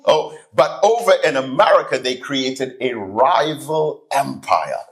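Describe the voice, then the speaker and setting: A man delivers a sermon-style keynote to a live audience in a hall. His pitch swings widely as he speaks, and he slips into different voices for the people in his stories. He talks at an everyday middle pitch. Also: unhurried. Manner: animated storytelling, acts out voices in anecdotes. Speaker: keynote speaker, student minister.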